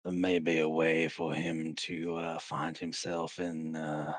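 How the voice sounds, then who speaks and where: A man voicing a sly, knowing male sentient sword who speaks slowly and deliberately in a tabletop game. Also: rumbling low, completely flat delivery, no echo, full character voice. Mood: sly, measured. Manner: drawling, deliberate.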